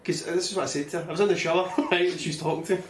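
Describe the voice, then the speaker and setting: A man's voice: sits high, fairly even intonation, rapid-fire. A Scottish man co-hosting a podcast, telling sweary anecdotes in casual chat. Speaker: podcast co-host. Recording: roomy echo, faint noise.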